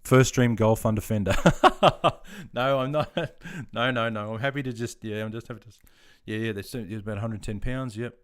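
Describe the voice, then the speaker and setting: A fifty-something Australian man with a lowish voice talks easily on a live stream. He reads viewer comments aloud and answers in a relaxed, friendly way, laughing often. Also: normal speed, smooth. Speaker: live streamer, army veteran. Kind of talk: casual live-stream chat.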